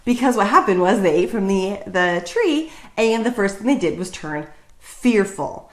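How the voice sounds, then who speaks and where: A woman's voice: mid-range voice, animated, moderate pace. Chatty woman in a roomy echo. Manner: chatty and jokey, many fillers. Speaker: vlogger sharing Bible reflections. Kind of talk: casual chat to camera.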